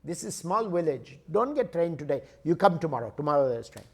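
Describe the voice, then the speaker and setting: A man's voice: fairly high pitch, sing-song, fairly quick, gravelly, full character voice. Man putting on a singsong ticket clerk. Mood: insistent. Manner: singsong, broken English, reassuring. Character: polite evasive male railway ticket clerk.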